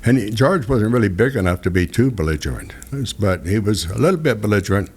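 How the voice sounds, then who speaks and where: His voice is on the low side, darkish and slightly rough, and he talks fast and animatedly. He's an older radio host from southeast Texas, rambling through folksy stories with restarts and chuckles in a casual, chatty way.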